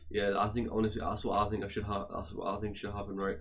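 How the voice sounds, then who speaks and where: A young Englishman with a low voice rants to camera, rambling and argumentative, at a quick pace. His pitch barely shifts, so he sounds flat and level, and he keeps circling back and repeating himself. The sound is lo-fi with slight background noise.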